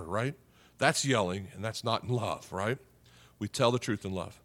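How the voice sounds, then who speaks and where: A man's voice: medium pitch, lively intonation, normal speed. Conversational male pastor preaching. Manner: conversational preaching, tags lines with "okay?" and "right?"; drops softly on serious points. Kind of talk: sermon.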